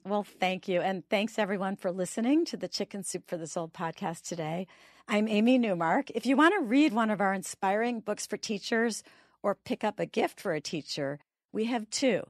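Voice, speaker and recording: A woman's voice: medium pitch, animated, normal speed, no room sound, studio quality. A woman hosting a podcast, introducing a guest's story and closing the show with upbeat promotional delivery. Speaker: podcast host. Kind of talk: podcast interview.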